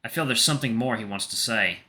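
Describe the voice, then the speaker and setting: A man's voice: medium pitch, quick pace, sharp tone. A man reading a visual novel aloud, narrating its story in the first person. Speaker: gaming channel narrator.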